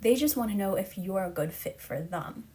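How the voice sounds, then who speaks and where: An earnest woman coach speaks straight to her listener, steady and encouraging, at a middling pitch. She sounds slightly out of breath as she talks on her live stream. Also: normal speed. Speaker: relationship coach. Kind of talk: live-stream advice talk.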